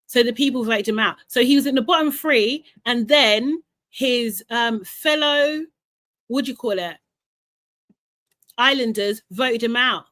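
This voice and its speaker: A young woman hosting a live recap stream, talking in an animated, ranting way with quick laughs and repeated words. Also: a little high. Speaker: host of a live reality TV recap show. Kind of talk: casual live-stream chat.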